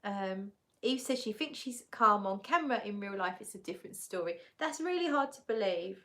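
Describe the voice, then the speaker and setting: A woman's voice: mid-range voice, expressive, moderate pace, pushed and bright. Chatty woman live-streaming. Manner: chatty, self-correcting, giggly. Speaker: live-stream host reading viewer comments. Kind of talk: casual chat.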